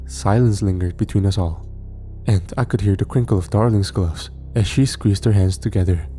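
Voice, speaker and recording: A man narrating a horror story in a measured storytelling manner. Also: lowish voice, warm tone, faint music behind.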